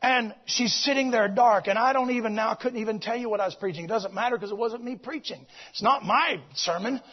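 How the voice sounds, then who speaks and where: Husky male preacher, sermon storytelling, shouts then hushes, repeats himself, dull lo-fi recording. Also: high voice, brisk. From United States. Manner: swings between shouted exclamations and hushed storytelling, repeats phrases. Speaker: visiting preacher.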